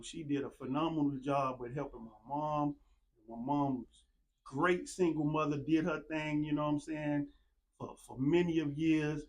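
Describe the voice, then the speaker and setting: A laid-back podcast host delivers a loose, easygoing monologue full of shout-outs, sounding a little mellow. His voice is a little high for a man, and he keeps saying "man" and "you know what I'm saying" as if talking with friends.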